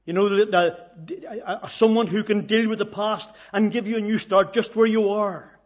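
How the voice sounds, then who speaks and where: A man's voice: sits high, steady tone, moderate pace. A man preaching a sermon, telling stories earnestly and repeating phrases for emphasis.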